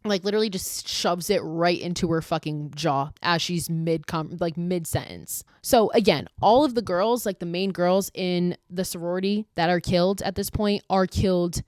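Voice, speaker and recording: A woman with a lowish voice recaps a horror film as a podcast host, peppering every sentence with "like" and blunt swearing. She slips into quick impressions of the characters as she goes, all recorded close and dry. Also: darkish tone, dry recording. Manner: profane, filler-heavy "like", acts out character lines.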